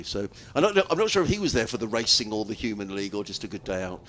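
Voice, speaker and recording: A man calls cricket from the commentary box in a slightly low voice. He drifts into long, chatty stories between balls and laughs often. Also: big pitch swings, fast, few pauses, a bit bright, a little hiss or hum. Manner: chatty, rambling anecdotes, laughs easily. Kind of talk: live radio-style ball-by-ball commentary.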